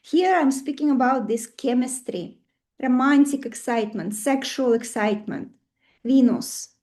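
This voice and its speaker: High-voiced woman with a Russian accent. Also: unhurried, darkish tone. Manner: chatty, asks the class many questions. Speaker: astrology teacher. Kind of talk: live online class.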